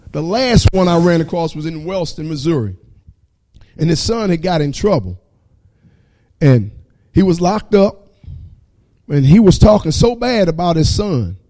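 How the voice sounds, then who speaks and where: Man, high-pitched voice, fervent church testimony, repetitive preaching rhythm. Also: mellow. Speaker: church member giving testimony.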